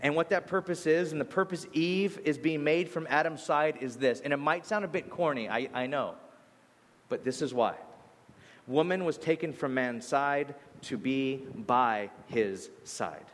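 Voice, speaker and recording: Guy pastor preaching, chatty and animated, kinda high voice, long echo like a big hall. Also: a little slow. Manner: conversational, animated storytelling with asides. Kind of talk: sermon.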